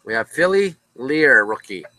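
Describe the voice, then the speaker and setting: A man's voice: mid-range voice, big pitch swings, a little slow, sharp tone, poor audio. A man hosting a casual card break from a card shop, chatting with viewers by name as he calls out each card.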